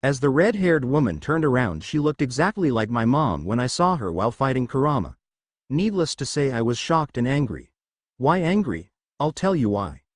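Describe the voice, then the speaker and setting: A man narrating a fan fiction story in first person, with expressive delivery. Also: medium pitch, a little fast, no room sound, studio quality.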